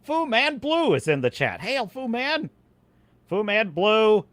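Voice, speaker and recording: A man hosts a live stream, chatting to his viewers in an excitable rant that keeps breaking into laughs. His voice runs fairly high and swoops a lot, with a bright, forceful edge. The sound is dry and close. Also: takes it slowly, no room sound. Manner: animated, laughing, reads chat aloud. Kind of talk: ranting live stream chat.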